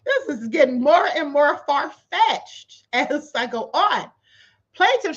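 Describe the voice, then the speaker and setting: A high-voiced woman hosts a livestream, reading from a court filing and breaking in with sarcastic, disbelieving commentary. Her pitch swings widely as she talks. The audio is dull and lo-fi. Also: a bit bright. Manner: incredulous and sarcastic, laughing in disbelief. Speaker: livestream host. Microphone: livestream setup.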